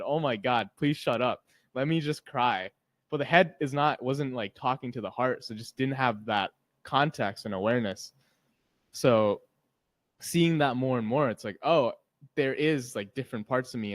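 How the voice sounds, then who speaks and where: A man's voice: medium pitch, dry recording. A man co-hosting a podcast who talks openly and emotionally in a rambling, casual way, filling his speech with "like" and swearing freely. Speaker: podcast co-host. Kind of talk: casual reflective chat.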